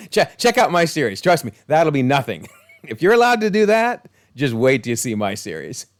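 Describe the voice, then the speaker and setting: A man playfully imitating a well-known male actor who excitedly brags that his own series is far more violent. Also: a little high, moderate pace, pitched above the performer's own voice. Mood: gleeful boasting. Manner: excited, boastful, laughing between lines.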